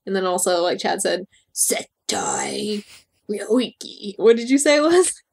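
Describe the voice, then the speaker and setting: A woman co-hosting a comedy podcast, sarcastic and quick to laugh, mocking what she reads. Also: mid-range voice, lively intonation, vocal fry, darkish tone. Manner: sarcastic, laughs, reads passages aloud in mock tones. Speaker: podcast co-host. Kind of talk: casual comedic chat.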